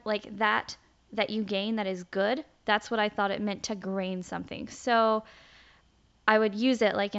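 A young woman from the American South with a faint Southern accent, co-hosting a podcast in casual, animated chat full of fillers. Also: medium pitch. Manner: chatty, animated storyteller with many fillers. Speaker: podcast co-host. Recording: dull, lo-fi podcast audio.

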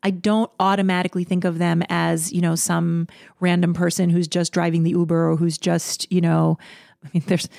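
A woman playwright and performer in a casual interview, animated, with frequent laughs and quick asides. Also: fairly low pitch, vocal fry, no echo, clean studio sound.

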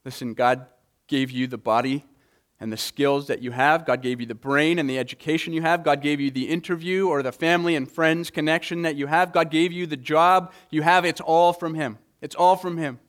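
A man's voice: a little high, fairly even intonation, normal speed, fairly bright tone. A man preaching a Sunday morning sermon, earnest, often repeating words as he presses a point. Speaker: pastor.

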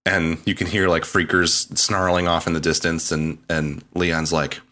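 A man's voice: deep voice, little pitch movement, unhurried, pushed and bright. A man co-hosting a casual gaming podcast, retelling a game's story and breaking into laughter as he goes. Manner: laughing storyteller, retells game dialogue in mock voices. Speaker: podcast co-host. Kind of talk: casual chat.

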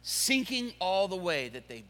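A man's voice: sits high, big pitch swings, measured pace, sharp tone, in a large hall. A man preaching a sermon, telling the story theatrically and acting out every character.

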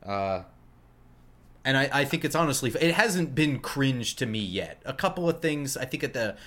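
A man's voice: medium pitch, lively intonation, moderate pace, pushed and bright. A man with a light New Jersey accent, co-hosting a sports podcast in casual, wry chat. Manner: wry, joking. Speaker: podcast co-host.

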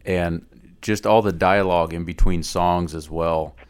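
A man's voice: low voice, steady tone, a little slow, smooth. A man hosting a podcast, talking casually to his guest with frequent fillers. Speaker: podcast host. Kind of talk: casual interview.

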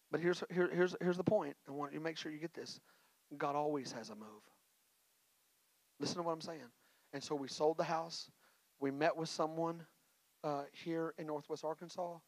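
A male pastor, preaching a sermon with a personal story and energetic call-and-response exhortations. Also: fairly high pitch, no room sound, low-quality recording. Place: church.

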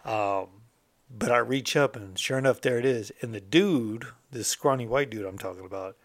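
A man's voice: mid-range voice, normal speed, no room sound. A middle-aged American man casually recounting his past, candid and streetwise, swearing freely as a motivational host. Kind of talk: casual storytelling monologue.

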